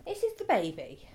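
Playful mother doting on her dogs. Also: fairly low pitch. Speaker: podcast co-host. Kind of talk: casual podcast chat.

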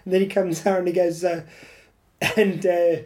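An Irish woman chatting on a podcast with a fairly low, mellow voice. She talks casually, laughs a lot, and trips over her words now and then as she works through her thoughts. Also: flat delivery, normal speed. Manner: chatty, laughs often, hesitant restarts. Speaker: podcast co-host. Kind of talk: casual chat.

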